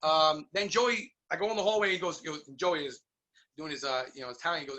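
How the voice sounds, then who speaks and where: A middle-aged man from New York telling stories in a casual interview, animated and acting out the voices of people he quotes. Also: a little high, fast. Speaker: guest musician.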